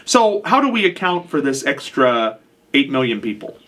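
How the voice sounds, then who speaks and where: A man's voice: mid-range voice, big pitch swings, moderate pace, fairly bright tone. A man hosting and moderating a casual radio talk show, teasing and insistent with his co-hosts.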